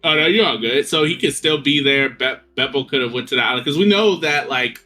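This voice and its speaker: Bright-voiced casual podcast guy. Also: mid-range voice, lively intonation, a little fast, soft background music. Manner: hesitant, trails off mid-thought. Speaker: podcast co-host. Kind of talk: casual chat.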